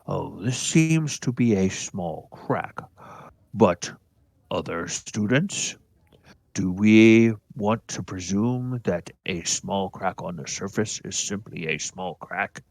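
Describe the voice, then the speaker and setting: A man voicing a wise old stone giant professor who speaks in a slow, measured, lecturing way. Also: low voice, expressive, vocal fry, darkish tone, no echo, full character voice.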